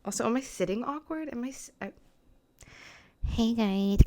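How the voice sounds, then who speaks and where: A woman's voice: fairly high pitch, moderate pace, a little mellow. A young woman hosting her own podcast from a small apartment, chatting nervously and rambling with lots of filler words. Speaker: podcast host. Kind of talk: casual solo podcast chat. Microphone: mic with camera on tripod.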